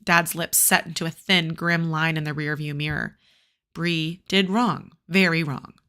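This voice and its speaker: A woman reads a novel aloud for her students, stopping now and then to comment in a loose, chatty way. Her voice is bright and forward, sitting a little low. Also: steady tone, a little slow. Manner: casual, chatty asides with fillers and restarts. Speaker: teacher reading a novel aloud.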